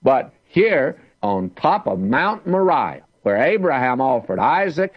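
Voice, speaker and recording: A man's voice: mid-range voice, very animated, takes it slowly, no room sound, muffled recording. A man teaching the Bible verse by verse, reading scripture aloud with emphasis.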